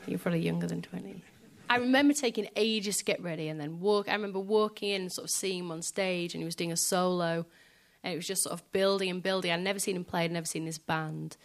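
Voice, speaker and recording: Soft-spoken hesitant woman. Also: on the low side, fast, vocal fry. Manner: soft, hesitant, many fillers. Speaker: guest musician. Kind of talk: reflective live interview.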